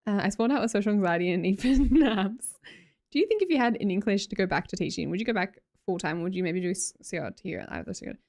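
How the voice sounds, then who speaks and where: A woman's voice: mid-range voice, lively intonation, fast talker, darkish tone. An Australian woman live streamer chatting casually with viewers, scattered and self-mocking, laughing often. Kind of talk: casual chat reading viewer messages.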